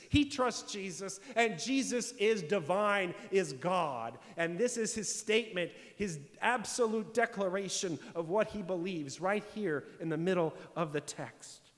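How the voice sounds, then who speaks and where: A high-pitched man delivers a sermon as pastor, his voice trailing off into a long church reverb. He explains scripture with emphatic, building declarations and rhetorical questions. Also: expressive, unhurried, few pauses. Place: church sanctuary.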